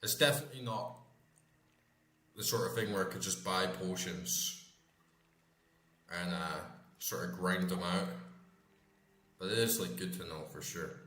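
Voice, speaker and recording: A man's voice: sits low, unhurried, pauses often, pushed and bright. Casual swearing man, roomy echo. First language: English. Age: 30s. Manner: rambling, swears freely, many fillers. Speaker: gaming channel host. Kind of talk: casual chat while playing. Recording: roomy echo, faint background noise.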